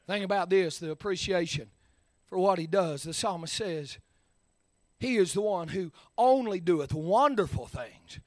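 A man preaching a sermon in church, sliding from low, easy talk up to shouted, drawn-out lines. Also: animated, dry recording.

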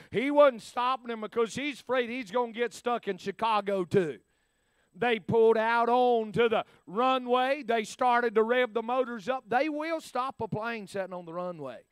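A folksy preacher tells a story from the pulpit, his voice very high and smooth. He swings between loud bursts and hushed asides. The sound is dry and close, with no room echo. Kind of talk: storytelling sermon.

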